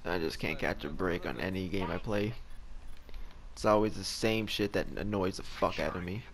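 A man's voice: low voice, steady tone, normal speed, a crowd in the background. A young man giving live gameplay commentary, frustrated and swearing as he rants at the game. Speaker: gameplay streamer.

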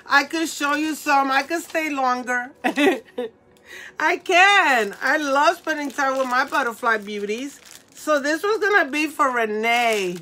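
A woman's voice: sits high, expressive, measured pace, pushed and bright. A middle-aged woman hosting a live jewelry sale, tearful and laughing through her words, affectionately greeting viewers by name. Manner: affectionate, calls viewers mamacita. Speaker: live-stream jewelry seller. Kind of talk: emotional live-stream sales chat.

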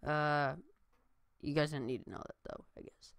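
A man's voice: fairly high pitch, fairly even intonation, normal speed, fairly bright tone, clear, resonant tone, dry recording. A tired young man vlogging from his room, rambling with lots of fillers and restarts. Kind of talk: casual chat to camera. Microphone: new desk mic.

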